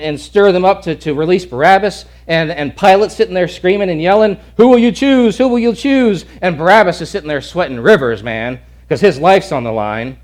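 A male preacher with a rather high voice delivers a dramatic sermon, lurching from shouted lines to hushed near-whispers and repeating words as he acts out the scene.

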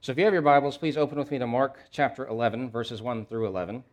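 A pastor preaching a sermon, moving between quiet low asides and loud emphatic questions, and reading scripture aloud briskly. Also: male voice.

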